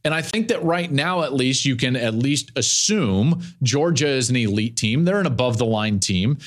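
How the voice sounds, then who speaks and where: On his sports opinion show, a middle-aged host picks apart college football at a normal speed and medium pitch. He's animated and forceful, circling back to the same phrases to drive points home.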